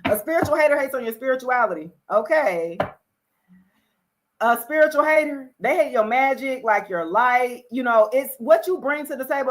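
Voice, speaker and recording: A high-pitched woman runs a casual live tarot stream. She talks to her viewers directly and jumps from loud, excited outbursts to quiet, low remarks. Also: moderate pace. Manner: animated, greets viewers, swings between loud exclamations and low asides. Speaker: tarot reader hosting a livestream.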